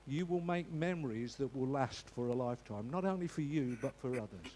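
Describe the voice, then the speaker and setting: A man's voice: a little high, a little mellow. A man giving an informal church notice in a chatty, joking way, often restarting his sentences. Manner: chatty, jokey, with frequent restarts and stumbles.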